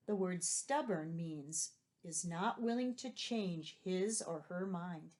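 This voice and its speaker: A woman's voice: lowish voice, slow pace, darkish tone. A woman teacher reading a children's story aloud and patiently explaining vocabulary and asking questions. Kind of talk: read-aloud vocabulary lesson.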